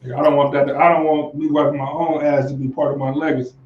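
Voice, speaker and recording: A man with a slightly higher voice co-hosts a casual podcast, reading viewer comments in a laid-back, repetitive way. His voice carries a noticeable room echo. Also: flat delivery, quick pace, highs cut off. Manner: laid-back, repeats himself, trails off with "like". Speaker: podcast co-host.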